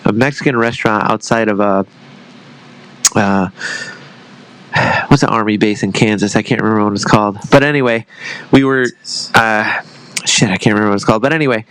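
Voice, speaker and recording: A retired army veteran in his thirties from the United States tells his story as a podcast guest in a casual interview, rambling loosely, swearing freely and poking fun at himself. His lowish voice is fairly quick, a bit bright and smooth, with frequent pauses, and the recording quality is low.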